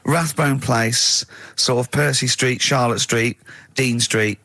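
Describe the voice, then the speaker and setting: A man's voice: medium pitch, fairly even intonation, takes it slowly, pushed and bright, no room sound. A man hosting a radio show, chatting casually in a studio and acting out dialogue in put-on voices. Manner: acts out dialogue in put-on voices, laughs often. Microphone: studio microphone.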